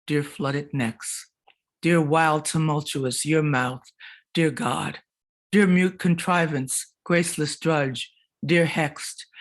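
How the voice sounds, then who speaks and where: A woman poet giving a dramatic, rhythmic reading of her poems at a literary event, swinging between forceful lines and hushed ones. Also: low-pitched. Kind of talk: performed poetry reading.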